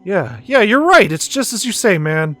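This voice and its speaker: A man voicing a hotheaded tough teenage boy in a video game, gruff and slangy. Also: sits high, big pitch swings, bright, forceful tone, faint music behind, exaggerated voice. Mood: fired up. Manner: gruff, slangy, quick to anger.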